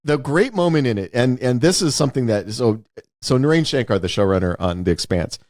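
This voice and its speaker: A man's voice: mid-range voice, animated, a little fast, a little mellow, no echo, studio quality. A man co-hosting a podcast, talking casually about a film, often restarting sentences and acting out quoted lines. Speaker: podcast co-host. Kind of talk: casual movie discussion.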